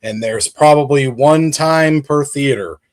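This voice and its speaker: A man's voice: fairly high pitch, measured pace. A man who is a guest on a livestream, chatting casually and enthusiastically with lots of fillers. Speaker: guest creator.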